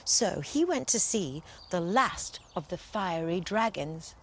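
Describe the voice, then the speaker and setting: A woman reading a bedtime story aloud in a gentle, expressive storytelling manner. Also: on the low side, takes it slowly, breathy edge.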